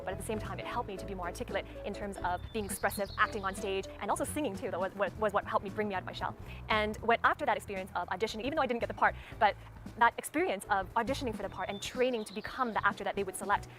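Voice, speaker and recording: Rapid-fire instructional woman over music. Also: medium pitch, fairly bright tone. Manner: methodical, demonstrates stress and tone aloud. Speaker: speaking coach. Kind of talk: instructional talk. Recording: clear background music under voice.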